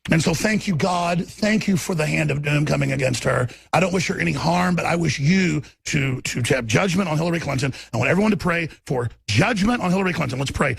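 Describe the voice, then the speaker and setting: A man hosting a talk radio show, delivering a furious, shouting tirade with stammered restarts. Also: a little high, expressive, fairly quick, gravelly, hardly any pauses, slight background noise. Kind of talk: angry ranting talk radio monologue.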